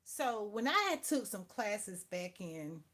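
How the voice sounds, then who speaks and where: A woman's voice: medium pitch, sing-song, slow. An older woman, rambling through a casual spiritual talk and calling the listener "baby" as she preaches. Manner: rambling, swings from soft to loud. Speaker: spiritual channel host.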